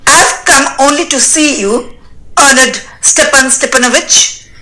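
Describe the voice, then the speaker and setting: A woman's voice: high-pitched, a little slow, sharp tone, rough recording. A woman reading the part of a nervous, flustered young male suitor who speaks with stiff, formal politeness and stumbles over his words, in a dramatic reading of a stage play.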